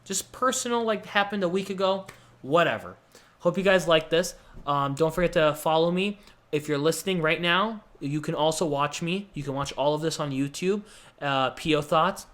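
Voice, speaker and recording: Rambling self-mocking young man. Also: a little high. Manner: rambling, self-mocking, quick bursts of excitement. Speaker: podcast host. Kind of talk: casual storytelling monologue.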